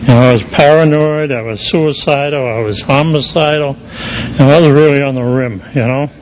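A man's voice: mid-range voice, fairly even intonation, moderate pace, slight background noise, low-quality recording. A middle-aged man, giving a personal recovery testimony in a rambling storytelling way full of "you know" fillers. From Quincy, Massachusetts area. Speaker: recovery meeting speaker.

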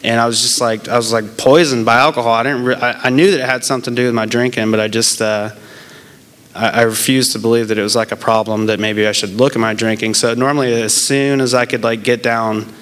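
A young man, casual and candid, telling his own story in a halting, rambling way with many fillers and restarts, and making fun of himself. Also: medium pitch, little pitch movement, a bit bright. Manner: candid and self-deprecating. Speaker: person in recovery sharing his story. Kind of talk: casual personal testimony.

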